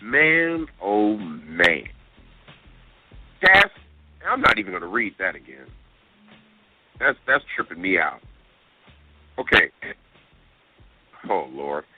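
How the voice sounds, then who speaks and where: A man's voice: lowish voice, sing-song, slow pace, pauses often, husky. A man co-hosting a talk radio show, reading out listener emails with exasperated, disbelieving outbursts. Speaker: radio co-host. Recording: tinny phone-line radio sound with music.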